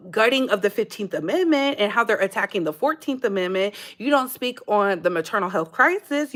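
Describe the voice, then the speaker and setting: A woman's voice: on the high side, a bit bright. An American woman hosting a casual commentary channel, talking in a sassy, emphatic way and calling her listeners "baby.".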